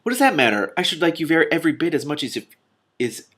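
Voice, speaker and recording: A man reading aloud, voicing a spirited, quick-tempered young princess who talks eagerly. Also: fairly high pitch, big pitch swings, fairly bright tone, pitched above the performer's own voice. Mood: earnest pleading.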